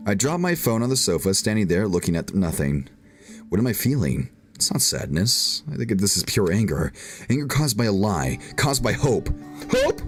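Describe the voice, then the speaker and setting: A man reading aloud as a shy, anguished teenage girl narrating a visual novel, voicing her with emotional outbursts. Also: fairly low pitch. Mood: brooding. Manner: reads emotionally, rising to pleading outbursts.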